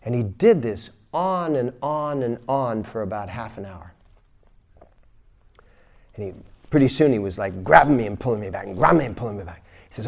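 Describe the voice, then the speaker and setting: A man giving a spiritual lecture as a teacher, telling a story and swinging from quiet murmurs to loud bursts. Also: mid-range voice, lively intonation, moderate pace, long pauses. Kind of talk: recorded lecture.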